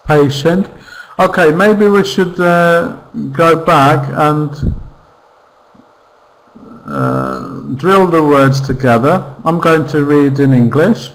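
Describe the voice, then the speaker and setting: A male English teacher leads an online vocabulary lesson. His voice sits a little high, and he speaks slowly and patiently, drilling each word and its stress pattern. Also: rough recording. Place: virtual classroom.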